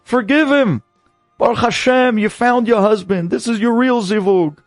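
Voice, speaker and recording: Man doing elderly rabbi, earnest, pleading, gravelly, rising higher. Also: animated, measured pace, a little mellow, dry recording, clean studio sound, faint music behind, exaggerated voice.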